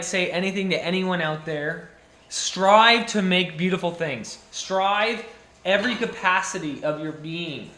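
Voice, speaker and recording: A young man delivers a passionate rant straight to camera, circling back to repeat his points and restarting sentences as he goes. His voice is bright and forceful and sits a little high for a man. The room around him rings with a noticeable echo. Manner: passionate, ranting, repetitive restarts, emphatic repetition. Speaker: jeweller. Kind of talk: impassioned monologue to camera.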